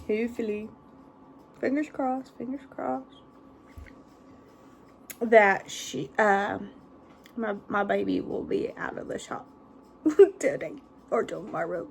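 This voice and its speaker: A woman's voice: mid-range voice, lively intonation, takes it slowly, gravelly, long pauses, a little hiss or hum. A woman, chatting casually in a rambling vlog and laughing often. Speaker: vlogger. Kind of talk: casual chat.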